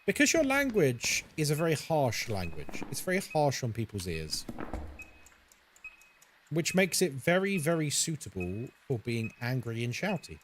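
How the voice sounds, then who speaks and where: A man's voice: mid-range voice, wildly swooping pitch, measured pace, a little hiss or hum. A young man streaming a horror game, chatting casually and playfully with his viewers as he plays. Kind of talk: casual live-stream chat while gaming.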